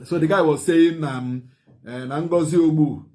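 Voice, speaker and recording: A man with an Igbo Nigerian accent giving impassioned commentary, repeating phrases in rapid bursts. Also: on the high side, a little mellow.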